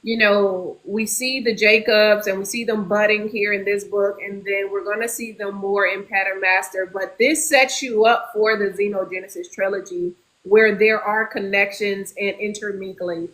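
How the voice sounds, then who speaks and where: A woman's voice: medium pitch, fairly even intonation, normal speed, fairly bright tone, rough recording. A woman hosting a casual book discussion over a video call, lecturing in a chatty way. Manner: chatty, lecturing, says y'all.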